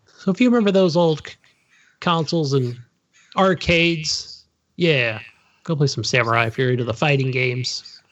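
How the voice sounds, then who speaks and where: A man's voice: on the high side, normal speed, long pauses, fairly bright tone. An older man co-hosting a gaming podcast, chatting in a loose, rambling, self-deprecating way. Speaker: podcast co-host. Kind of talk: casual chat. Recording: dull lo-fi mic.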